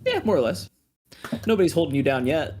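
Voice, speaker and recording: Man, tabletop player, casual and dry-witted, animated pitch. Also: brisk, husky. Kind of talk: casual chat, adding lore asides.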